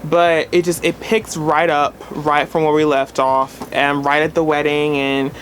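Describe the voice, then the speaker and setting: A man's voice: a little high, little pitch movement, measured pace, fairly bright tone, a little hiss or hum. A man reviewing a film in a casual vlog, gushing and dramatic, with many restarts and constant "like"s. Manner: rambling, full of "like".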